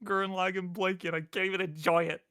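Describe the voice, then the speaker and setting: A man's voice: high-pitched, level tone, quick pace, pushed and bright, clean tone, no echo, clean studio sound. A man co-hosting a livestream in casual chat, musing and easygoing with bursts of playful mock outrage. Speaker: co-host.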